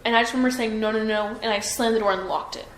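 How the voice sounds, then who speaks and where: A woman's voice: a little high, fairly even intonation, racing. A young woman in her twenties giving a police interview, hesitant and full of fillers and restarts. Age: 20s. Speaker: witness being interviewed by police. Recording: roomy room echo with faint noise.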